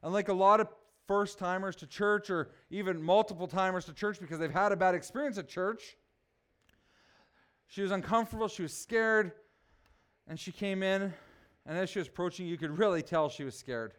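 High-voiced, smooth-toned joking pastor. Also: male voice, normal speed. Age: 40s. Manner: joking, self-mocking, animated asides to the congregation. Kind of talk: humorous sermon storytelling.

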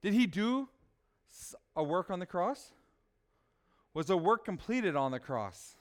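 A male pastor delivers a sermon in a high, smooth voice. He leans on rhetorical questions, dropping low and quiet, then rising to loud, emphatic points. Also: very animated, unhurried. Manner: rhetorical, asks "right?", swings soft to loud.

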